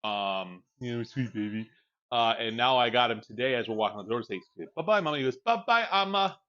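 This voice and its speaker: Livestreaming from home with his young child around, a man chats loosely and frankly, cursing freely into his desk mic. He talks fast in a medium-pitched, slightly bright voice, captured with lo-fi sound.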